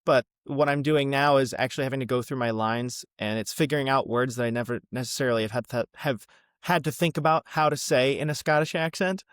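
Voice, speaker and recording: A young man in his twenties chatting as a podcast guest, friendly and unhurried, often pausing with an um or uh. His voice sits at a middle pitch and the recording is dry, with no room echo. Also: fairly even intonation, clear, resonant tone. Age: 20s. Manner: friendly, easygoing, many ums and uhs. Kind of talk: casual interview.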